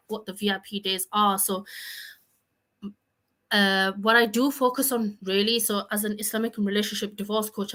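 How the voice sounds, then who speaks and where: A woman's voice: medium pitch, a bit bright, rough recording. A woman who works as a coach, earnestly explaining her work in a casual online chat. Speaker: divorce coach.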